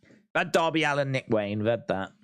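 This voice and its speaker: A man's voice: mid-range voice, lively intonation, brisk, clean tone, no room sound. A man hosting a live wrestling watch-along, chatting casually and reading out viewer comments. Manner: chatty, reads out viewer comments, laughs often.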